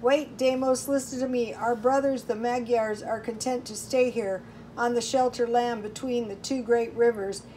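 A woman's voice: a little high, steady tone, normal speed, dark tone, slight background noise, natural voice, low-quality recording. A woman voicing a troubled male chieftain who pleads and questions in a storybook reading. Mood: pleading. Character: troubled male warrior chieftain, desperate and angry.

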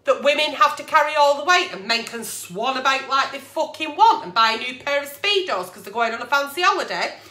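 A woman with a high, bouncing voice rants agony-aunt advice on her vlog. She is blunt and swears constantly. The room around her rings with echo. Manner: blunt, profane and animated.

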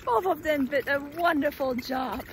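A woman's voice: high voice, normal speed, heavy background noise. A woman vlogging outdoors while flying her pet parrots, talking casually to viewers and cooing soothingly at the birds. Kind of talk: casual vlog chat.

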